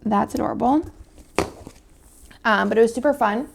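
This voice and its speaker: Gravelly-voiced woman chatting casually. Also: fairly high pitch, moderate pace, pauses often, slight background noise. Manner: chatty, rambling, many fillers; drops to a whisper at times. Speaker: planner vlogger. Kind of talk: casual chat while decorating a planner.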